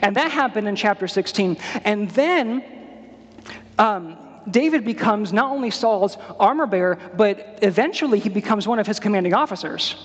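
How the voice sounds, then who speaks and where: A man's voice: high voice, lively intonation, normal speed, big-room sound. A man preaching a sermon as a pastor, retelling a scripture story in a casual, storytelling way with slangy asides. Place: church.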